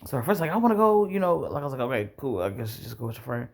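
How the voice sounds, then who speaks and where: A man's voice: mid-range voice, sing-song, very fast. Rambling, profane man telling a story. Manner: rambling, profane, frequent throat clearing. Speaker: vlogger. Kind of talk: casual storytime monologue.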